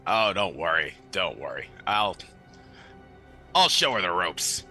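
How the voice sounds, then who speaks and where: A man's voice: sits low, very animated, a little slow, pushed and bright, faint music behind. A man playing in a tabletop game, chatting casually and joking in a laid-back way. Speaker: player.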